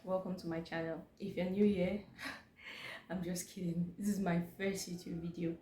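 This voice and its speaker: A woman's voice: fairly low pitch, little pitch movement, normal speed, mellow, a little hiss or hum. A young Nigerian woman with a Nigerian accent, talking casually to camera as a vlogger, emphatic and leaning on "like" as she explains. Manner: chatty, emphatic, leans on "like". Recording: echoey room with faint background ambience.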